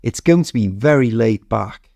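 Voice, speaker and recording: A man with a British accent voicing an excited young woman who gushes. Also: mid-range voice, moderate pace, gravelly, dry recording, studio quality. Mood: gushing. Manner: gushing, bubbly.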